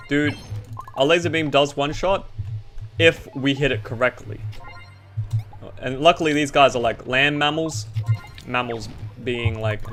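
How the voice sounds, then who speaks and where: Goofy and self-deprecating, a young Australian YouTuber rambles through gameplay commentary with faint game music behind him. He speaks at a medium pitch, a bit bright.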